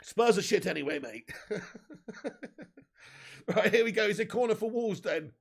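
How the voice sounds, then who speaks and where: Guy doing live footy watch-along, high gravelly voice, gets shouty and swears. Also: unhurried. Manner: excitable, swings from grumbling to shouting, swears. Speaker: football watch-along host.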